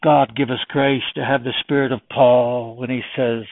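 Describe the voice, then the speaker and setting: A man preaching a sermon with impassioned delivery that swings between loud emphasis and hushed tones. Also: mid-range voice, little pitch movement, normal speed, vocal fry, few pauses, no room sound. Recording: tinny phone-like, dry.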